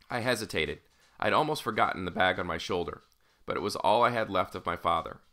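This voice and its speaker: A man's voice: sits low, animated, brisk, bright, forceful tone. A man narrating an audiobook in the first person, in a casual, wry storytelling manner.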